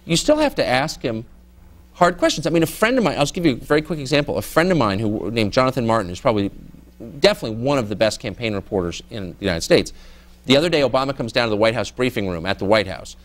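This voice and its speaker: A middle-aged journalist guest answers student questions in a candid audience Q&A, speaking sardonically and mimicking people in mock voices. His medium-pitched voice has lively intonation and a fast pace.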